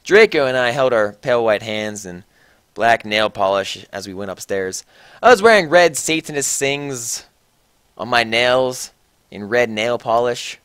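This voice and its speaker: A man's voice: medium pitch, measured pace, clean tone, no room sound. A young man giving a mocking dramatic reading of a story, full of sarcastic asides. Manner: sarcastic asides, shifting between flat and loud. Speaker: comedic reader.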